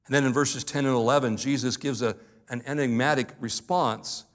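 A pastor delivering a sermon. He speaks earnestly and emphatically, slowing down to stress key words, and adds light humorous asides. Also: medium pitch, steady tone, a bit bright.

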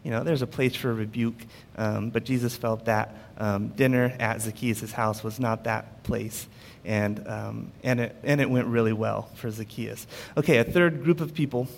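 A man preaching a sermon in a relaxed, conversational storytelling way, with frequent fillers. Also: mid-range voice, moderate pace, vocal fry, in a large hall, slight background noise.

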